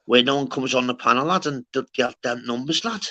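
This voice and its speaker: A man's voice: medium pitch, quick pace, bright, forceful tone, muffled recording. A man hosting a live stream, rambling and swearing in casual chat, calling everyone lad. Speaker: livestream host.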